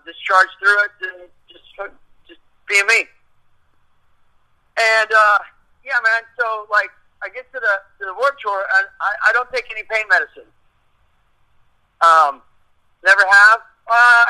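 A man's voice: sits high, pushed and bright, rough recording. A middle-aged man telling a rambling, profane story in a casual chat, acting out what people said. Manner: profane, rambling, acts out quotes.

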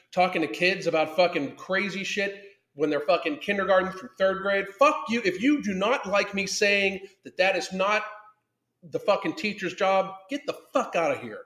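A man in his thirties holds forth on his live podcast in a heated, profanity-laced rant. His voice sits a little higher than most men's, and he stays emphatic as he reads chat comments aloud. The room around him is roomy and echoey. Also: normal speed, fairly bright tone. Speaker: podcast host reacting to a video and live chat.

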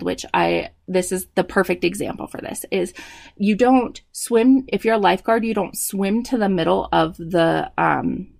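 A woman in her thirties giving parenting advice, explaining tips clearly and slipping into quoted dialogue. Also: fairly low pitch, no echo. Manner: warm explanatory, acts out quoted dialogue with kids. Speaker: parenting educator. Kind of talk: advice talk.

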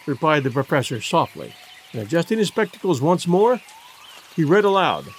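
A man reading a classic adventure novel aloud as audiobook narrator, measured and expressive. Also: fairly high pitch, slight background noise. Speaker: audiobook reader. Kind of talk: scripted narration.

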